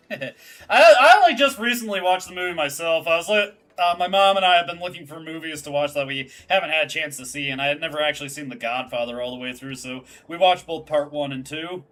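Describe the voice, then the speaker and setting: A woman's voice: low voice, fast, hardly any pauses, fairly bright tone, faint music behind. A woman streaming a video game, chatting casually and laughing between lines. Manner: chatty, laughs, reads game text aloud. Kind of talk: casual let's-play commentary.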